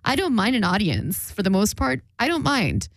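A woman's voice: medium pitch, very animated, moderate pace, no room sound. A woman in casual chat, giving firm opinions with emphasis and frequent swearing.

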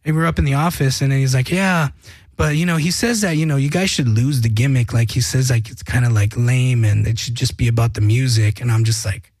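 A man's voice: mid-range voice, fairly quick, no room sound. A man who is a guest musician, telling stories in casual chat, swearing freely and acting out what others said. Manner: animated storytelling, profane, acts out quotes.

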